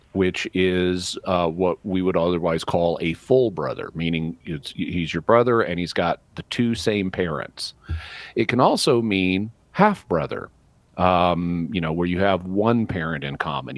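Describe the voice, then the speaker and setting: A man with a very low voice explains things patiently, like a teacher laying out each point. His studio sound is dry and close, with no room around it. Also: no echo. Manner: measured, lecturing, precise about terms. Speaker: apologist guest answering callers. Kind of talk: explanatory radio talk.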